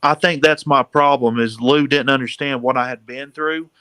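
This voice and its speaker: A caller on a panel show, a man, vents in an agitated, profane rant and keeps calling people "dude." His medium-pitched voice is steady, bright, forceful and resonant, clear with no echo, at a normal speed. It's an emotional rant in casual talk.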